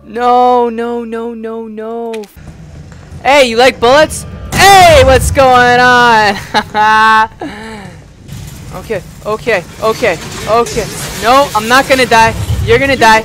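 High-voiced man yelling over game music. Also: takes it slowly. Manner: loud, excitable, swearing and yelling at the game. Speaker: gamer. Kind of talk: let's play commentary. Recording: music playing underneath.

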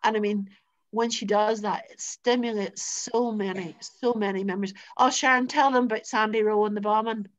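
A woman's voice: medium pitch, fairly even intonation, moderate pace, highs cut off. An Irish woman hosting an online workshop, encouraging and prompting her guest to tell a story. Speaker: host.

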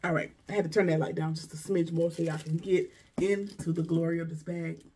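A woman's voice: fairly low pitch, steady tone, a little fast, dark tone, breathy edge. A woman vlogger chatting casually through a shopping haul, gushing and exclaiming over each item. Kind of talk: casual unboxing chat.

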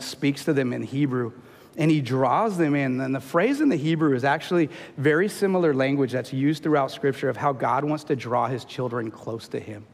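A pastor preaches a sermon in a church sanctuary in a conversational style, frequently checking in with listeners by asking "right?" When urging the men, he climbs to an emphatic, high-pitched peak. The church's long hall reverb fills the recording.

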